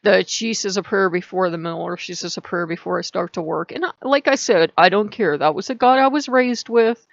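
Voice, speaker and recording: A middle-aged woman talks in a loose, rambling vlog, her words wandering from one thought to the next. Her voice has a gravelly fry, and her pitch often leaps up mid-sentence. The recording is dull and dry, with no room sound. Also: fairly quick, few pauses, no echo. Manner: rambling, chatty, with sudden rises in pitch. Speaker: vlogger. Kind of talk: casual spiritual vlog chat.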